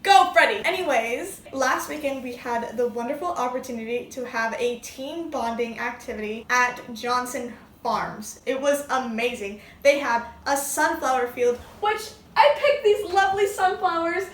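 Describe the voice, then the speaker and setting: A woman's voice: high voice, moderate pace, few pauses. A young woman chatting casually in a crafting vlog, gushing and enthusiastic as she talks. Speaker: vlogger. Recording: echoey room, mic at a distance.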